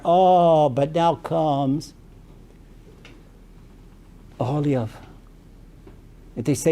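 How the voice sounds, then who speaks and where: A man as a rabbi giving a storytelling sermon, animated and peppered with Yiddish and Hebrew terms. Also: on the high side, drawn-out words, long pauses.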